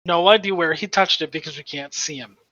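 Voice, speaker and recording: A man's voice: on the high side, fairly quick, pushed and bright, dry recording, highs cut off. A man playing in a tabletop game, talking in a wry, matter-of-fact way. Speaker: player. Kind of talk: casual tabletop game chat.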